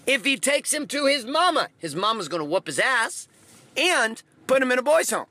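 A man's voice: extremely high pitch, big pitch swings, moderate pace, pushed and bright, no echo. A man giving a blunt, emphatic motivational talk, hammering his points with repeated phrases. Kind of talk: motivational monologue.

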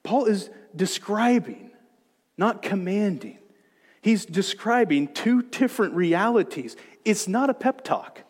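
A man preaching a sermon as pastor, moving between hushed, gentle reassurance and loud, emphatic exhortation. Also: sits high, animated, slow, slightly rough, big-room sound. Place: church sanctuary.

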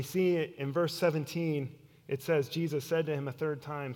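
Earnest preacher in a reverberant hall. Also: male voice, fairly high pitch, fairly even intonation, moderate pace. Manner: earnest, drops to hushed tones for emphasis. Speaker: pastor. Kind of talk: sermon.

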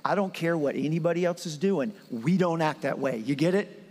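A man's voice: a little high, brisk, darkish tone, big-room sound. A man preaching a sermon in a conversational, storytelling way, acting out scenes with his voice. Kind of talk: animated sermon.

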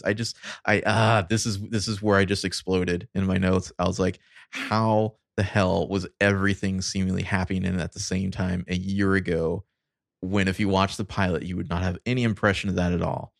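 A man co-hosts a casual podcast, musing in hesitant, sardonic asides. His voice is low and gravelly, recorded dry and close with no room sound. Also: level tone, normal speed, no echo. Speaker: podcast co-host. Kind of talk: casual chat.

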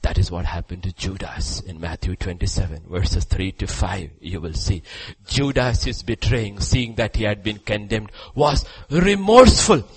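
Husky preacher swinging from hush to shout. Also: male voice, steady tone, moderate pace, hardly any pauses, low-quality recording. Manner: swings between hushed low passages and loud, high exclamations. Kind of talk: sermon.

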